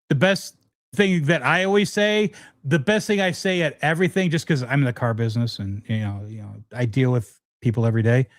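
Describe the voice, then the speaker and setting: A middle-aged man with a fairly high voice hosts a casual guitar livestream, chatting with viewers and answering their questions. He talks frankly and rambles, restarting himself often. There's no echo on the recording.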